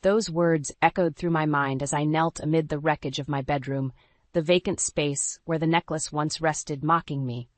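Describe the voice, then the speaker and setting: A woman narrating a scripted first-person story in a dramatic, even storytelling voice. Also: sits low, normal speed, dry recording.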